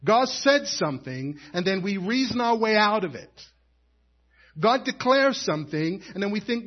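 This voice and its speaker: High-voiced husky male preacher. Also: very animated, moderate pace, dull audio. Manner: preaching with rising emphasis and call for amen. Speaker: pastor. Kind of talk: sermon.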